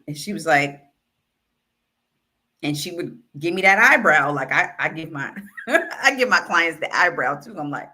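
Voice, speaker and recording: A woman who works as a writing consultant and author coach, telling a story in a casual, animated way and acting out the dialogue. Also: deep voice, normal speed. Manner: animated, acts out quoted dialogue.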